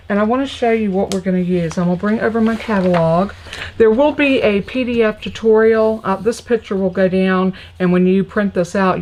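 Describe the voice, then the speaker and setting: A woman's voice: medium pitch, darkish tone, rough recording. A woman hosting a live crafting tutorial, chatty and gushing, greeting viewers as she shows her supplies. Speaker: crafting host.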